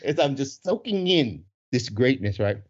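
A man in his forties spins a lively story, his husky voice leaping up and down as he acts out the other people in it. He laughs often as he talks. The recording sounds dull and lo-fi. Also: mid-range voice, moderate pace. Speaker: guest telling a story. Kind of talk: casual storytelling.

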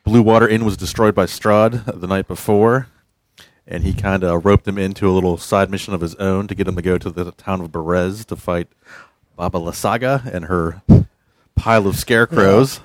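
A man, a tabletop game player, recapping past sessions in a relaxed, amused way. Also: sits low, normal speed, dry recording. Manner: relaxed, amused storyteller, light fillers. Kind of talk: casual recap chat.

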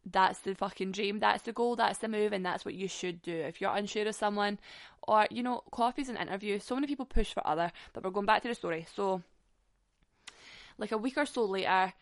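A woman's voice: mid-range voice, brisk, no room sound, clean studio sound. Blunt, sweary woman telling stories. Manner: blunt, sweary, laughing as she tells it. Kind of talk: casual storytelling.

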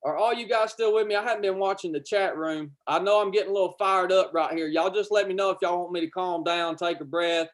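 A man with a drawl delivers a livestreamed sermon. He preaches with fervor, repeating key lines, climbing to loud declarations, then easing into chatty asides to his viewers. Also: high voice, quick pace, hardly any pauses. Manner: fervent, repetitive, swells loud then drops to casual asides.

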